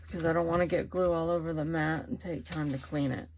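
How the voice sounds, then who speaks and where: A woman hosting a casual craft tutorial, thinking aloud as she works, her voice going hoarse. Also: low voice, steady tone, background noise. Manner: unhurried, thinking aloud while working. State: losing her voice. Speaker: crafting channel host.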